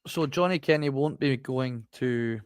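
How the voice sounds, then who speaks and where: A man on a football podcast video call, rambling with restarts and sounding frustrated. His pitch sits in the middle range. The recording is dry and close. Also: unhurried, smooth, no echo. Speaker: podcast co-host.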